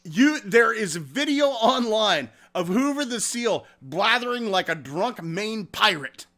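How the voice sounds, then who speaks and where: A man hosting a casual podcast who swears freely and tells stories with lots of energy. His voice sits high for a man and has a gravelly edge. He swings widely in pitch and has a bright tone. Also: slow pace. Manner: profane, animated storyteller. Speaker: podcast host.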